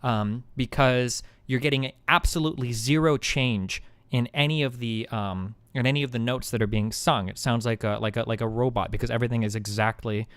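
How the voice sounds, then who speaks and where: A male streamer explains a topic off the cuff, his mid-pitched voice smooth and resonant. He rambles and stumbles, often stopping to search for the right word. The sound is dry and close, with no room around it. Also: brisk, hardly any pauses, no echo. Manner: rambling, searches for words, many fillers and restarts. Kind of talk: casual live-stream explaining.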